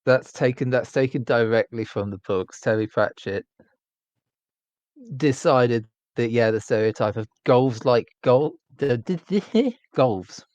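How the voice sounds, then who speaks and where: A man's voice: mid-range voice, animated, measured pace, darkish tone, dry recording. A man chatting on a gaming stream, eagerly explaining book lore at length. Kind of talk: casual chat on a gaming stream. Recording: dry, dull lo-fi mic.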